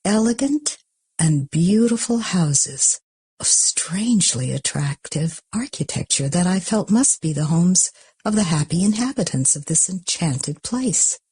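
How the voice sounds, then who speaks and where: A woman reading an audiobook in a soft, slow, often half-whispered way. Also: on the low side, lively intonation, husky, dry recording. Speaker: audiobook narrator.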